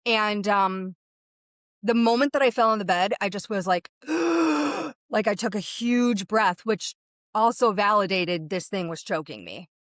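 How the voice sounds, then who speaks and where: A woman's voice: mid-range voice, normal speed, fairly bright tone, no echo, clean studio sound. Woman medium telling her story vividly. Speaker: guest medium. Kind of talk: recounting a personal experience in an interview.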